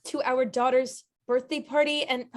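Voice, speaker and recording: Woman as ex-wife, high voice, exasperated, sharp, table read. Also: little pitch movement, normal speed, lightly acted. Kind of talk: amateur script table read.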